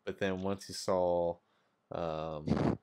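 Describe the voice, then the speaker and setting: A man taking part in a tabletop role-playing game, telling his part in a laid-back, joking way. His voice is low and smooth, with a clean, resonant tone. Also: flat delivery, extremely slow, dark tone. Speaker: player. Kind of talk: casual tabletop game banter.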